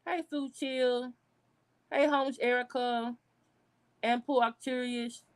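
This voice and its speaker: A woman vlogger giving casual livestream commentary, blunt, outraged and profane, with sudden high outbursts. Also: fairly even intonation, slow, clear, resonant tone.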